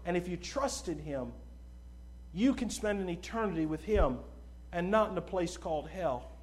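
A male preacher delivering an evangelistic sermon at a church service. His voice sits very high and he preaches with emphatic fervor. He reads scripture and then drives each point home. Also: lively intonation, normal speed. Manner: emphatic, fervent, rising to shouts.

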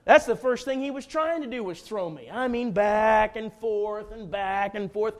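A man preaching a sermon, telling a folksy, humorous personal story in an animated way. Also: sits high, measured pace.

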